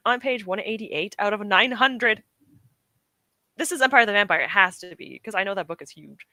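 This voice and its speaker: Bright, chatty young woman streamer. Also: medium pitch, a little fast, no room sound. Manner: chatty, encouraging, often laughing. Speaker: streamer hosting reading sprints. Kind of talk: casual chat to live chat. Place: at home at her desk.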